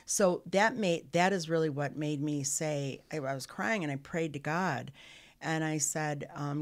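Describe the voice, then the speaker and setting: A middle-aged woman, a podcast guest, telling her life story candidly, earnest and halting with frequent restarts. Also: low-pitched.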